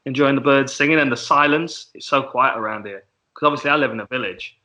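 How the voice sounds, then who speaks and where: A man's voice: medium pitch, quick pace, bright, forceful tone. A man co-hosting a podcast, chatting easily and laughing along. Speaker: podcast co-host. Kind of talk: casual chat. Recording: dull lo-fi sound.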